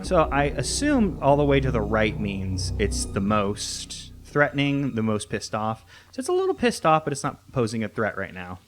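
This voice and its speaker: A man's voice: mid-range voice, big pitch swings, moderate pace, few pauses, music in the background. A young man giving casual gameplay commentary, rambling and thinking aloud with lots of restarts. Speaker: let's play host.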